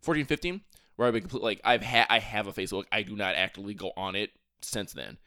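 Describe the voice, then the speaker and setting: A man's voice: fairly low pitch, fast talker, pushed and bright, no echo. Ranting young man on a dry mic. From Virginia. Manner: ranting, restarts a lot, swears often. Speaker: podcast co-host. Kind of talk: casual chat.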